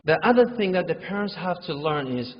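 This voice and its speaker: A man's voice: fairly high pitch, lively intonation, a little fast. A man giving a conversational sermon in a mosque hall, informal and repetitive, acting out quoted parents and children. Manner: informal, repetitive, uses religious phrases. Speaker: imam giving a talk. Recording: echoey hall, dull lo-fi sound.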